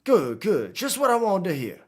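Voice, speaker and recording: A man voicing an eager, flattering male academy director in an attempted Creole drawl while reading game dialogue aloud. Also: medium pitch, a little fast, soft background music.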